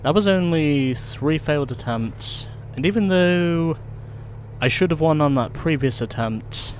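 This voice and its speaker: This let's play host, a man with a mid-range voice, chats his way through a video game and explains what he's doing. A little background noise can be heard.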